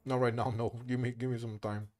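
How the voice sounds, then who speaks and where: A man's voice: mid-range voice, level tone, fairly quick, a little mellow. A young man whose first language is Portuguese, chatting casually and self-deprecatingly on a live stream in English.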